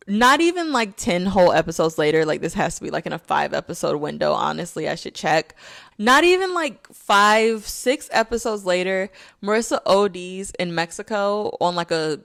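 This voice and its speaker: A young woman talking through a casual video essay, chatty and full of "like"s. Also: fairly low pitch. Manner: chatty, filler-heavy, with many "like"s.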